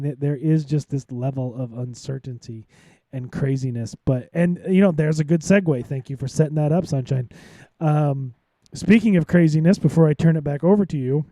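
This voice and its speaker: Dark-toned man on a live podcast. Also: fairly high pitch, no echo. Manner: rambling, many restarts and fillers. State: tired. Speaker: podcast co-host.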